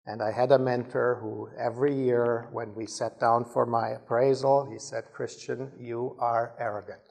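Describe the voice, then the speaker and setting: A man's voice: medium pitch, gravelly, a little mellow, a little hiss or hum. A man from Germany giving a talk to ministry leaders, telling stories with frequent restarts. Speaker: speaker at a leadership training.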